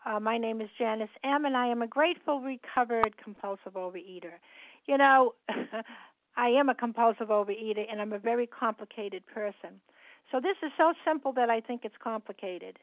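Brief: woman meeting leader, fairly high voice, chatty step-by-step explainer, phone-line sound, dry. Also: moderate pace. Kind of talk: sharing at a recovery phone meeting.

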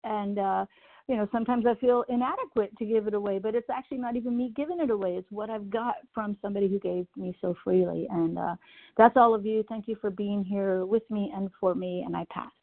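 A woman's voice: mid-range voice, fairly even intonation, a little fast. Earnest woman on a tinny phone line. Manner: earnest, grateful. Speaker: meeting member sharing.

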